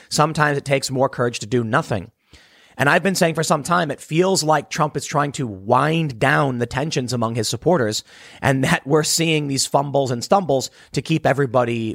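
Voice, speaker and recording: A man from Chicago hosting a political commentary show on his own, alternating between reading news items and rapid, emphatic opinions. His voice sits at an ordinary middle pitch. The close mic leaves the sound dry, with no room echo. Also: fairly bright tone. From South Side of Chicago. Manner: rapid, emphatic, repeats words when heated.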